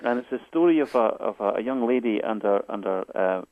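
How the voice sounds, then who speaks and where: A man's voice: lowish voice, lively intonation, brisk. A man, a guest author, telling stories in a hesitant way, repeating and restarting his words often. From Scotland. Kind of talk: phone interview storytelling. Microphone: phone. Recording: tinny phone line.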